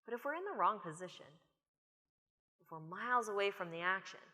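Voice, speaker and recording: American woman doing a conference keynote, bright forceful voice, big hall reverb. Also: mid-range voice, fairly quick. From United States. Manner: animated storytelling speaker. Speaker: conference speaker.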